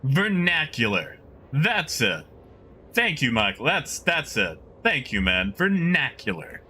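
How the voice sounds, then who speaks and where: A man's voice: medium pitch, big pitch swings, slow, bright, forceful tone, a little hiss or hum. A man streaming a game live, chatting casually and rambling as he muses aloud to his chat.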